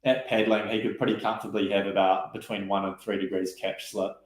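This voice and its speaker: A man telling stories casually in an interview, relaxed and chatty, with lots of fillers and quoted asides. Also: lowish voice, fairly quick. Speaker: guest rower. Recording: roomy echo.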